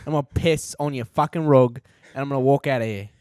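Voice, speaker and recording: Young man playing a swaggering, foul-mouthed old Queen; fake British accent, loud, in a dry room. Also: mid-range voice, quick pace, clear, resonant tone, no room sound, pitched above the performer's own voice, lightly acted. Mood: rowdy, mocking. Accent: put-on British drifting Australian. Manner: brash, shouting insults.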